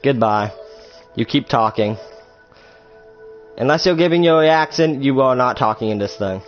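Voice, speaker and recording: A teenage boy tells a story for his storytime vlog, rambling and crude, often stopping to correct himself. His voice is mid-range with lively intonation at a moderate pace. The audio is lo-fi and slightly muffled, with faint music.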